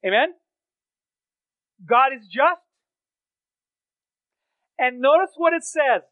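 A man preaching a sermon, swinging from loud emphatic phrases to low quiet asides. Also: animated, takes it slowly, no room sound. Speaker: pastor. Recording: dry, tinny phone-like sound.

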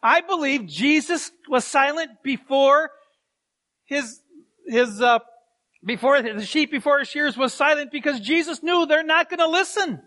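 A man's voice: very high voice, a little slow, pushed and bright. A middle-aged man, a pastor, preaching a sermon and telling stories with chuckles and asides.

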